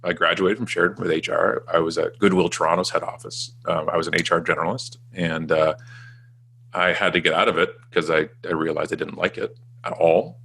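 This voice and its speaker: A man in his forties, a guest telling his career story in a self-mocking, animated way with frequent restarts. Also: sits low, a little fast, vocal fry, husky. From Canada. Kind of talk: casual storytelling interview.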